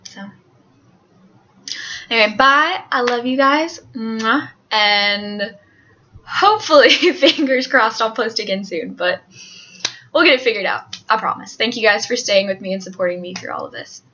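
A young woman, a student, chatting casually and self-deprecatingly to her viewers, her voice a bit hoarse. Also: on the high side, unhurried, sharp tone, muffled recording, slight background noise. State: voice hoarse and under strain. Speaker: student vlogger.

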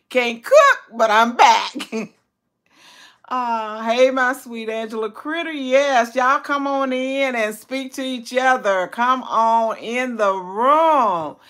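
Older woman hosting a slow, chatty livestream; bright, high voice. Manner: reads out viewer comments, greets them warmly by name; excited high squeals and laughter when greeting friends. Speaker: cooking channel host. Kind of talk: casual livestream chat.

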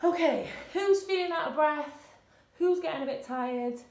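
A woman, an encouraging fitness instructor who leads a seated warm-up with cheery whoops. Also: sits high, a little slow. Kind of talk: leading a seated exercise warm-up. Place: indoor room, seated on a chair. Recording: echoey room.

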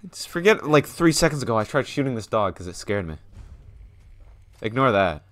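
A young man streaming a game, giving casual running commentary that jumps between muttered asides and loud yelps. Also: on the low side, normal speed, no room sound. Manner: excitable, swings from mumbling asides to loud yelps and laughter. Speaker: gaming streamer. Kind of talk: casual let's-play commentary.

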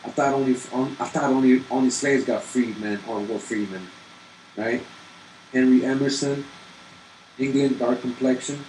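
A man's voice: mid-range voice, moderate pace, a little mellow. Man, talk-show host type, reads lists and pushes the audience with questions; echoey room, faint AC hum. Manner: challenging, rhetorical questions to viewers. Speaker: genealogy video host. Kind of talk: reading records aloud with commentary.

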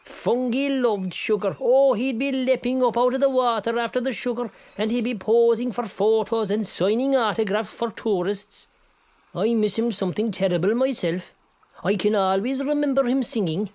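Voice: medium pitch, normal speed, darkish tone, natural voice. Someone doing a boastful fisherman. He spins rambling tall tales in an easy, chatty way. It is played for comedy. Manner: rambling yarn-spinning, bursts into song. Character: boastful Kerry fisherman, tall-tale teller.

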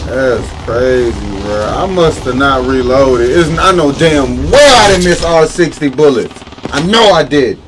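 A man chatting casually while playing a video game, excitable and ranting in slangy, profane complaints. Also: mid-range voice, a little slow. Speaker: gamer. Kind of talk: casual gameplay chat. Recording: noisy game and vehicle sounds behind.

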